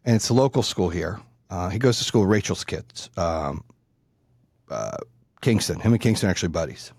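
A middle-aged man telling a long story in a casual, animated, profane way. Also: low-pitched, moderate pace, creaky, husky, no room sound, clean studio sound. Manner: profane, animated, acts out the people in his story.

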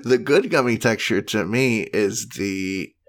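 A man's voice: lowish voice, unhurried. A man co-hosting a podcast, chatting casually and reading product reviews aloud in a wry, mock-earnest way. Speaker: podcast co-host.

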